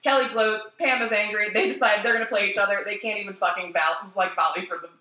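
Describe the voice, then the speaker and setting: A woman's voice: medium pitch, fairly even intonation, fast talker, pushed and bright, reverberant, rough recording. A woman co-hosting a casual podcast chat, animatedly recapping a TV episode, laughing and swearing as she goes. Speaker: podcast co-host.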